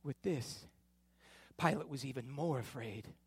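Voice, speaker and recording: A man narrating a dramatic scripture reading in a deliberate, expressive storytelling manner. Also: medium pitch, breathy edge, dry recording. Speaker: scripture reader.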